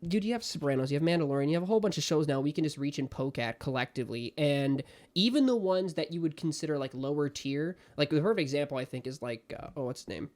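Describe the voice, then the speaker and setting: A man co-hosting a podcast in casual chat, excitable and given to ranting, with his voice jumping loud and high when worked up. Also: fast talker, few pauses. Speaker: podcast co-host.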